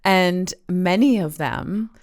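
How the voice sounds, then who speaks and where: A woman's voice: lowish voice, slow pace. A woman hosting a casual podcast, upbeat and friendly, speaking with fillers like "like" and "um". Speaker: podcast host.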